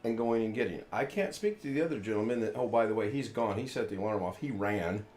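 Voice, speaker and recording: Soft music plays behind an American host as he talks fast in a fairly low, slightly mellow, animated voice. On this casual live chat he rambles through a long story, acting out what people said.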